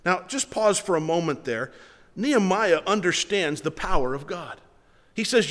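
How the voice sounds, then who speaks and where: A male pastor preaching a sermon, emphatic and repeating his words, slowing down to read scripture. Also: high-pitched, lively intonation, fairly bright tone. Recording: long hall reverb.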